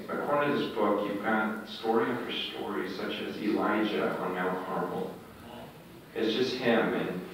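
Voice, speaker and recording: A man preaching at a prayer breakfast, telling stories with animated delivery that swings between loud and hushed. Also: fairly low pitch, slight background noise. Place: large hall. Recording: echoey hall, distant dull mic.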